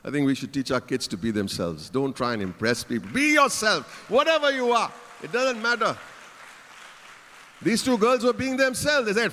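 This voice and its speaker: High-voiced teasing keynote speaker. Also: male voice, animated, moderate pace, bright, forceful tone, a little hiss or hum. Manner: playful, teasing the audience. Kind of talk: conference keynote speech. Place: large conference hall stage. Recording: reverberant conference hall.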